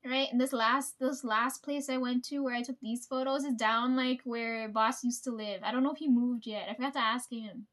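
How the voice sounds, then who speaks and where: A woman's voice: a little high, fairly even intonation, moderate pace, few pauses, fairly bright tone. A young woman telling rambling, profane work stories to the camera and laughing often. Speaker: vlogger. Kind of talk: casual storytelling.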